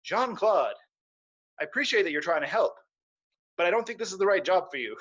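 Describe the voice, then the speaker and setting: A man's voice: high-pitched, sing-song, a little fast, fairly bright tone, breathy edge, exaggerated voice. A man voicing a big, patient male elephant in a children's story, kindly warning a friend. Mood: gentle. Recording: dull, dry lo-fi stream audio.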